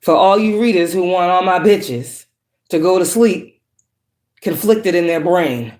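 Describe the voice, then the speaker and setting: A woman giving a tarot reading as a spiritual monologue, cursing freely and swinging between calm, preachy warmth and harsh put-downs. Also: lowish voice, a little slow, echoey room. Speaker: tarot reader.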